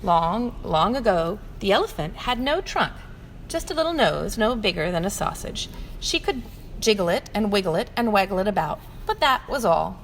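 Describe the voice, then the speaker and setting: A woman reading a children's story aloud for a shop's storytime, animated and expressive. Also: mid-range voice, moderate pace. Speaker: storytime reader for a shop. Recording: long room reverb, faint ambient noise.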